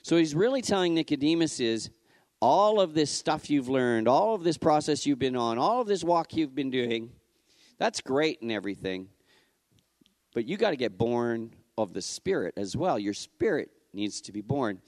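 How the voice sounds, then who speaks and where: A man preaches in a relaxed, conversational way, his pitch rising and falling freely. He talks like he is chatting with the congregation. The sound is dry, with no room echo. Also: moderate pace. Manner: animated, casual, acts out the scripture quotes. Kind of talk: conversational sermon.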